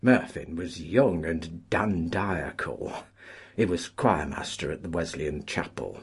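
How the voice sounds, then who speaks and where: A man narrating a story, measured and expressive. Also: sits low, gravelly, slightly rough. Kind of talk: audiobook narration.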